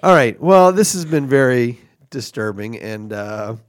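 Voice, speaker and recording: A man's voice: medium pitch, lively intonation, unhurried, no echo, studio quality. A man hosting an improvised comedy podcast, flustered and rambling, laughing often. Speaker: podcast host.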